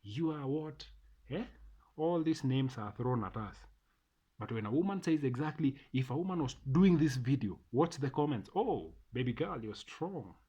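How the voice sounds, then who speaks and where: A man's voice: mid-range voice, animated, normal speed, dark tone, breathy edge, dull audio. A middle-aged man with a Kenyan accent, delivering an emphatic, repetitive opinion monologue to camera as a vlogger. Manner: ranting, emphatic, repeats phrases.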